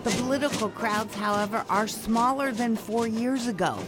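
A woman correspondent delivering a radio news report in a measured, clear way. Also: on the high side, loud music behind the voice. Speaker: foreign correspondent.

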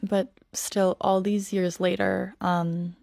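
A woman interviewing a guest, asking gentle, encouraging questions. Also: mid-range voice, flat delivery, slow, gravelly, no room sound, studio quality.

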